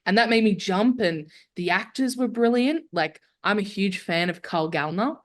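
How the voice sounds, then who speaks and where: A woman's voice: medium pitch, lively intonation, moderate pace. A young adult woman, a guest filmmaker chatting casually and candidly on a podcast, full of "like" fillers. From Australia.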